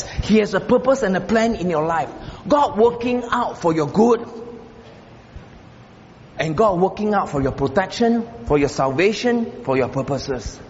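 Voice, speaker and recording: A man preaching a sermon as pastor, emphatic and repetitive, swinging from loud stressed phrases to low murmurs. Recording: dull roomy hall sound with faint background noise.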